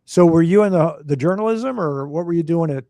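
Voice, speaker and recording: A man's voice: a little high, animated, brisk, dark tone, no echo. Dry-sounding man hosting a chat. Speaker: podcast host. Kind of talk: casual interview chat.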